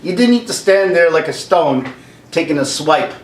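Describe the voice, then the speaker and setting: A man in his forties ranting casually as a vlogger, animated, laughing often and acting out quotes. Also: on the high side, moderate pace. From Canada. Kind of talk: casual rant. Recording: roomy, distant mic.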